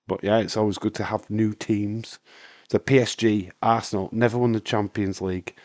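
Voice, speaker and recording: A man, hoarse with a breaking voice, hosting a live stream in a casual, rambling chat while answering viewer comments. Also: on the low side, fairly even intonation, moderate pace, a little mellow, no echo. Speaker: wrestling stream host.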